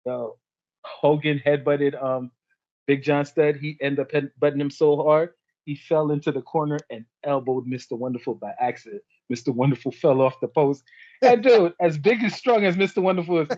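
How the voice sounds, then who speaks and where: Animated man retelling stories, lo-fi. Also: fairly high pitch, normal speed, dry recording. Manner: animated storyteller acting out quotes. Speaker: podcast co-host. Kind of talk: casual chat.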